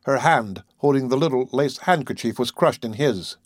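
A man reads a story aloud in an expressive, scripted style. His voice sits mid-range but moves freely up and down. The recording is close and dry. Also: mid-range voice, moderate pace, slightly rough, dry recording. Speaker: narrator. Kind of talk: scripted narration.

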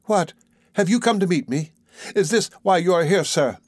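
A man reading aloud voices a brave, devoted young woman from a classic novel, raising his voice and speaking softly and earnestly. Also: fairly high pitch, expressive, moderate pace, no room sound, clean studio sound, close to an everyday voice. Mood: surprised.

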